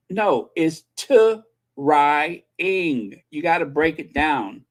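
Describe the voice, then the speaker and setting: This is a casual vlog host who rambles in an unhurried way and lets the voice rise and fall a lot. The speaker is firmly opinionated and keeps humming bits of old television theme songs between remarks. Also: mid-range voice, expressive. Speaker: channel host. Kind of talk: casual chat.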